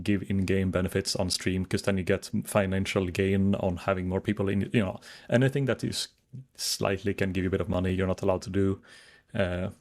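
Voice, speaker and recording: A man's voice: low-pitched, darkish tone. A man chatting casually to his viewers while streaming a game, rambling as he browses and reads chat.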